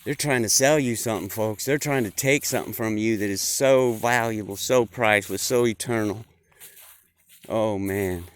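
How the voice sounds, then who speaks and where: A man's voice: fairly low pitch, moderate pace, smooth, dry recording. Folksy man ranting to his listeners. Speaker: vlogger. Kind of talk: casual ranting monologue.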